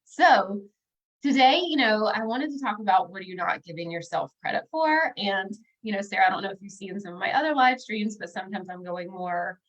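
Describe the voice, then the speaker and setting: A woman in her thirties chats to her viewers in a relaxed, upbeat way, filling her pauses with frequent "um"s. Her voice sits at a middle pitch. The livestream audio comes through a computer mic and sounds a little dull and lo-fi. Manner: chatty and upbeat, with frequent fillers, speaking directly to viewers. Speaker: bookkeeper and business coach. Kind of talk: casual livestream talk.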